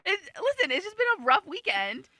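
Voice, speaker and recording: A woman on a radio show's crew, telling a family story in casual studio banter with animated, exasperated laughter. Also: very high-pitched, brisk, no room sound. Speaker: radio show co-host.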